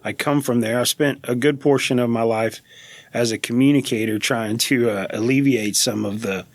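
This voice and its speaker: Cajun-accented pastor telling stories. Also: male voice, mid-range voice, normal speed, dry recording. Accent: Cajun South Louisiana. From South Louisiana. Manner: animated storyteller with frequent restarts. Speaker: pastor, guest. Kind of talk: conversational podcast interview.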